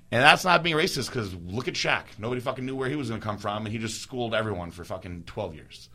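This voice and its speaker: Bright-sounding man, casual profane chat, animated, imitates people mid-story. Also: fairly low pitch, fast talker, few pauses. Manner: animated storyteller, swears freely, mimics others. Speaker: podcast co-host.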